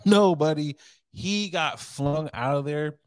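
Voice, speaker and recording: A man's voice: a little high, takes it slowly, no room sound, studio quality. A man co-hosting a casual podcast, joking and laughing often, with rambling asides. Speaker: podcast co-host.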